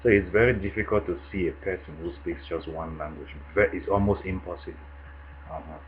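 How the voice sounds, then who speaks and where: Cameroonian man, very deep voice, relaxed chatty vlog talk, muffled lo-fi sound, faint hum. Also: brisk. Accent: Cameroonian English. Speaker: vlogger answering a tag. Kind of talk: casual monologue.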